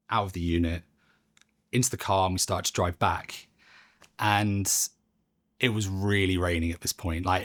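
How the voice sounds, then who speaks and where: A young man telling a personal story in a halting, emotional way, with long pauses. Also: fairly low pitch, a bit bright. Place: studio.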